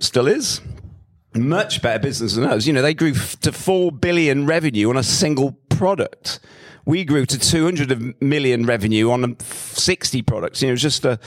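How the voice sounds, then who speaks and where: Animated man retelling his business story. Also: medium pitch. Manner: animated, self-mocking, many restarts. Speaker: company founder. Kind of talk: conversational storytelling talk.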